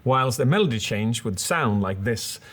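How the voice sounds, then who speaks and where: A man's voice: mid-range voice, lively intonation, moderate pace, a bit bright. A man co-hosting a casual commentary, analysing a speech with enthusiasm and acting out examples with his voice. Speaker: public speaking coach, co-host.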